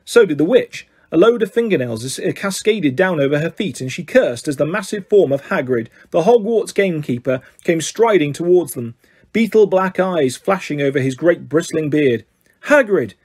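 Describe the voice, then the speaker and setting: A man reading a storybook aloud in a husky voice that sits a bit high for a man. He stumbles over a word now and then and corrects himself as he goes. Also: lively intonation, normal speed, darkish tone. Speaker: reader. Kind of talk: storybook narration.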